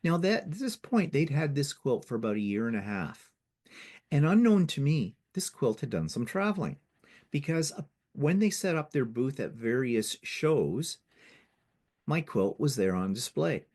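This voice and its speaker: A man's voice: medium pitch, sing-song, measured pace, a little mellow. A man giving a casual slideshow talk about his quilting to a guild, chatty and rambling, often restarting his sentences. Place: living in Ontario, Canada.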